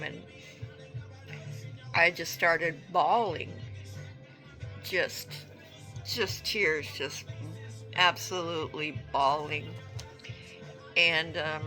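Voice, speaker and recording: A woman telling a personal story in a halting, earnest, reflective way. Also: on the low side, rough recording. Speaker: vlogger.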